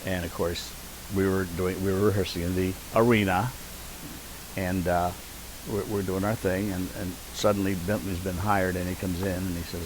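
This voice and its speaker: An older man, a veteran community theater actor appearing as an interview guest, reminisces in conversation with a deep voice at a moderate pace. He tells anecdotes and livens up whenever he quotes people. The background is noisy.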